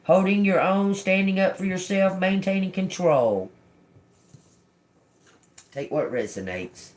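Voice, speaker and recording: An older woman giving a live-stream tarot reading in a slow, profane, confrontational manner. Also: lowish voice, a little mellow. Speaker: tarot reader.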